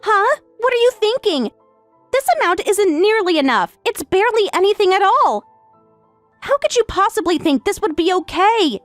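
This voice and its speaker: A woman voicing an entitled young daughter who is about to marry, speaking in a shrill, indignant way. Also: sing-song, unhurried, dry recording, soft background music, heavily acted.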